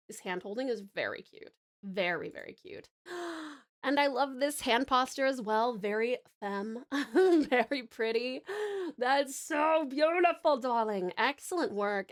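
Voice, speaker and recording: A woman from Tasmania chatting on a live stream, greeting viewers warmly and gushing over their art in a flustered, affectionate way. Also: fairly high pitch. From Tasmania, Australia. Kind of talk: casual live-stream chat.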